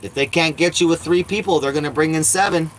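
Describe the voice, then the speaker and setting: A man's voice: on the high side, fast talker, slight background noise, rough recording. A man vlogging casually from his RV. He talks bluntly and swears often. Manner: blunt, profane, talks to his cats in baby talk. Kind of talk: casual rambling vlog. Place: inside an RV.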